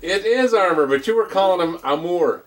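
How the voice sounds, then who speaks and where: A man chatting casually at a board game, thinking through his moves out loud and swearing now and then. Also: sits high, lively intonation, brisk. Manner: thinks aloud, swears, teasing. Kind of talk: casual chat.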